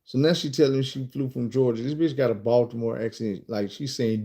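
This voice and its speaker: A middle-aged man telling a story in a blunt, profane, animated way. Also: medium pitch, a little fast, few pauses. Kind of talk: casual storytime.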